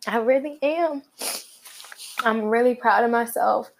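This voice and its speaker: Female podcast host, unhurried motivational delivery, colloquial and emphatic. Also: fairly high pitch. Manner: drawn-out emphatic pauses, colloquial. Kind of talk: motivational solo podcast talk.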